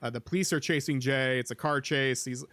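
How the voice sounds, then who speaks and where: Podcast guy rambling through a movie recap, smooth clear voice, dry sound, lots of ums. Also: medium pitch, fairly quick, a bit bright, no echo. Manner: rambling, filler-heavy, with many ums and likes. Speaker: podcast host. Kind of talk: casual chat, recapping a film.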